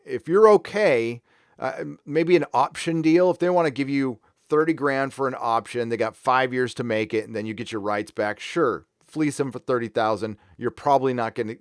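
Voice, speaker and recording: A man's voice: mid-range voice, normal speed, smooth. A man hosts a casual live stream, talking in a mid-range voice that wanders and doubles back with plenty of fillers. He chats offhandedly and breaks into easy laughter now and then. The sound is close and dry, with no room echo. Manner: rambling, offhand, laughs easily, frequent fillers and restarts. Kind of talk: casual live stream chat reading viewer comments.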